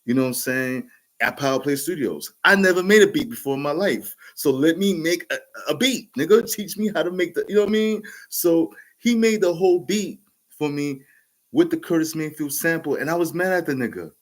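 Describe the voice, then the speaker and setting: A man's voice: fairly high pitch, a little fast. Rambling New York man telling a story. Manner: rambling, laughs often, many restarts and fillers. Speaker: podcast host telling a story. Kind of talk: casual storytelling monologue.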